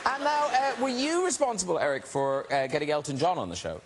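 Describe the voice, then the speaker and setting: Lively Irish talk-show host. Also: male voice, sits high, fairly quick, a loud crowd, very noisy. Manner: chatty, setting up questions. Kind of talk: hosting a chat show. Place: TV studio with audience.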